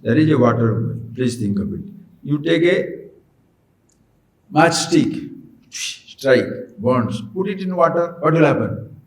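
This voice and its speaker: A man's voice: a little high, expressive, takes it slowly, pauses often, roomy sound, poor audio. A man giving a spiritual discourse, pressing his listeners with rhetorical questions. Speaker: spiritual teacher.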